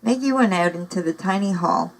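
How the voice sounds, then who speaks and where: A woman's voice: medium pitch, a little fast, low-quality recording. A woman reading a novel aloud, narrating steadily with occasional casual asides. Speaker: audiobook reader.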